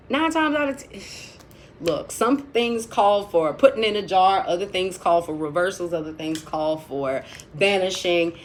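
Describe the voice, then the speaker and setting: A woman's voice: on the low side, slight background noise. Blunt, profane woman telling a story. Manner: blunt, profane and chatty, with dramatic asides. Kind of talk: casual storytime vlog.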